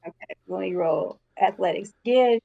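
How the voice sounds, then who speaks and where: A woman's voice: mid-range voice, moderate pace, creaky, no echo, phone-quality sound. A woman playing a tabletop game, chatty with hesitant asides. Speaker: player. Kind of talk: casual tabletop play.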